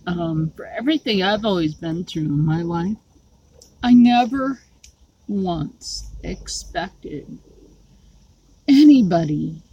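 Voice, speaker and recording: Slow, gravelly-voiced woman vlogging. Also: lowish voice, darkish tone, low-quality recording. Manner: rambling, halting talk with many fillers. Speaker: YouTube creator. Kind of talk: personal vlog to viewers.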